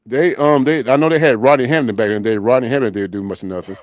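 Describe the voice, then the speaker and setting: A man hosts a loose sports talk show, swearing and jumping up in pitch when a point excites him. His voice sits in a middle register. The recording is dry and close. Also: fast talker, no echo. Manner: animated, profane, jumps up in pitch when excited. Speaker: podcast host. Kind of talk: casual sports chat.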